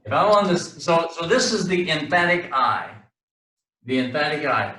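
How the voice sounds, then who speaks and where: A Hebrew teacher leads a class, his speech halting and full of restarts, fillers, and the occasional joke. His voice is bright, forceful, animated, and fairly high-pitched, and he sounds far from the mic in an echoey room.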